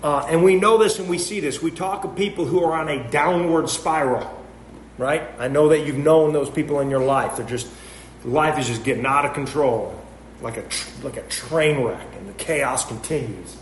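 A man preaching a sermon, earnest and emphatic, posing rhetorical questions and drawing sharp contrasts. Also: a little high, moderate pace. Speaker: pastor. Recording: echoey room with faint noise.

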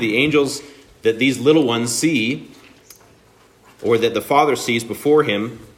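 Earnest low-voiced male preacher. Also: fairly bright tone. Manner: earnest, emphatic preaching with deliberate pauses. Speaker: pastor. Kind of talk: sermon.

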